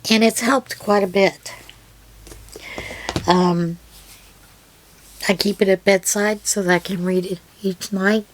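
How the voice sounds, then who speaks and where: A middle-aged woman hosting her own yarn channel, chatting through her mail in an unhurried, rambling way with many pauses and fillers. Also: mid-range voice, fairly even intonation, slight background noise. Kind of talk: casual unboxing chat.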